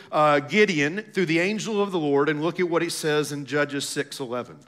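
A man preaching to his congregation in a high, bright voice. He draws out scripture readings slowly and turns emphatic as he calls out to his listeners. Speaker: pastor. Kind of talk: sermon.

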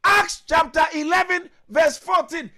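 A man preaching a fervent sermon in a very high, bright voice. He shouts his lines, calls on listeners to repeat after him and breaks into tongues between phrases. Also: fairly even intonation, unhurried. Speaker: pastor.

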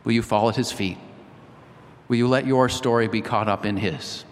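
A male pastor reads a story aloud and then turns to earnest, rhythmic appeals to his listeners. His voice sits at an ordinary pitch for a man. A long reverb trails after every phrase, as in a large hall. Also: fairly even intonation, moderate pace, a little hiss or hum. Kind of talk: sermon with story reading.

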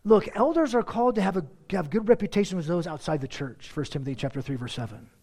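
A man preaching a sermon as pastor, conversational and animated, talking straight to his congregation. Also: high voice, quick pace, creaky. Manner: animated, acts out everyday dialogue in different voices; conversational, addresses the congregation directly.

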